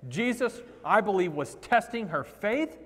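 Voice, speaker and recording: A male preacher speaks in a somewhat high voice, chatty and animated as he acts out the lines he quotes. His sermon rings through a church sanctuary with a long hall reverb. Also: a little slow.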